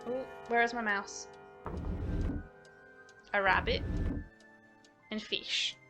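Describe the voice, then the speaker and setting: A woman's voice: on the high side, slow pace, music in the background. A woman streamer giving giggly, rambling let's-play commentary over a mystery game.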